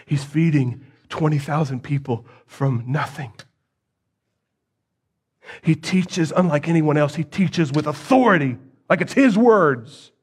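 A man preaching a sermon, retelling the story dramatically and swinging from hushed tones to loud pleas, with rhetorical questions to the listeners. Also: fairly high pitch, expressive, measured pace, slightly rough.

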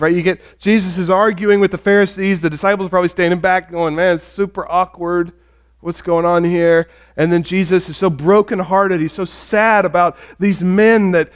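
A man preaching a sermon as a pastor, conversational and storytelling, dropping soft when he reads scripture. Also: high-pitched, moderate pace, few pauses.

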